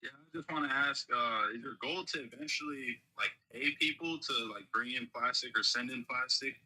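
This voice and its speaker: A man calling in to a live chat, asking a question in a relaxed way with lots of "like". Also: mid-range voice, a little fast, poor audio. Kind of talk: casual chat.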